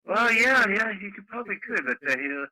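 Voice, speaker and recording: Bright-voiced man on radio chat. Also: high voice, lively intonation, fairly quick, no room sound, poor audio. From Canada. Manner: rambling, folksy, exclaiming. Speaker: radio net regular.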